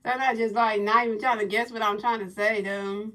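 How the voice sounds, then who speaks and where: A woman livestreaming a baseball video game, giving playful play-by-play commentary, teasing her chat with repeated questions and sing-song pitch calls. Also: steady tone, brisk, sharp tone, low-quality recording. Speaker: gaming livestreamer.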